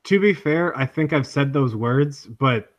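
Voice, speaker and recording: A man's voice: medium pitch, animated, a little slow, highs cut off. Male podcast guest, crude, blunt, stumbles on restarts. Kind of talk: casual chat.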